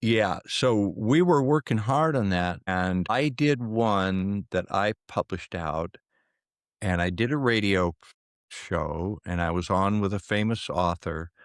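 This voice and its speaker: A man with a very low, gravelly voice talks as an interview guest. He tells his stories with energy and acts out the dialogue of the people in them. The sound is close and dry, with no room echo. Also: slow pace. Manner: animated storyteller who acts out quoted dialogue. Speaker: podcast guest, remote viewer. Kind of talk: conversational storytelling.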